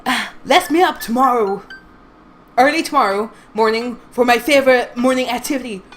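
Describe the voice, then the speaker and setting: A woman's voice: fairly high pitch, normal speed, fairly bright tone, a little hiss or hum, natural voice. A woman reading the lines of a friendly, sporty man in a game, upbeat and chummy.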